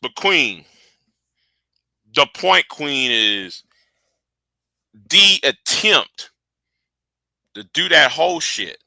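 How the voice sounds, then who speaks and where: A man's voice: fairly high pitch, big pitch swings, drawn-out words, vocal fry, pauses often, bright, forceful tone, no echo, rough recording. A man hosting a livestream, ranting heatedly and profanely, often repeating and restarting his words. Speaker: livestream host. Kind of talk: angry livestream rant.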